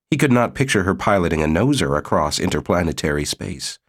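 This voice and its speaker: A man narrating an audiobook in a measured, even reading. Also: sits low. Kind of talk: scripted narration.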